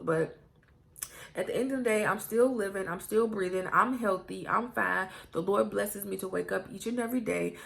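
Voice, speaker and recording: A young American woman vlogging in a casual Q&A. Her voice has a gravelly, creaky edge. She talks bluntly and candidly, swearing freely as she goes. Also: mid-range voice, fairly bright tone. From United States. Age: young adult. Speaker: YouTuber. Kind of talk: casual get-to-know-me Q&A.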